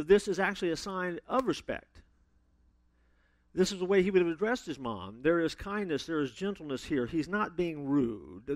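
Recorded dry, this high-voiced male preacher weaves stories into his sermon. When quoting others, he performs their voices with dramatic, sweeping shifts.

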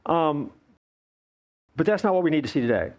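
A male pastor preaching a playful, animated sermon, acting out the voices of complaining people. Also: fairly high pitch, normal speed.

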